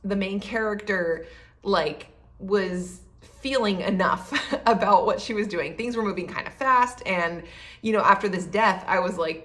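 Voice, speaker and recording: Woman in her 30s rambling about a book, lots of um and you know, voice not high not low. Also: a little slow, fairly bright tone. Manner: chatty, many fillers like um and you know; acts out her own past thoughts in quoted asides. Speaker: book vlogger. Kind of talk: casual book review.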